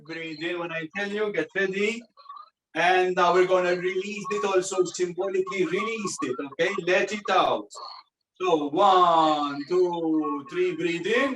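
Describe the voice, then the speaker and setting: A man's voice: sits high, measured pace. A man facilitating a group sound ceremony, patiently instructing and counting breaths aloud as the group chants vowels together. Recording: live recording with steady noise and clicks.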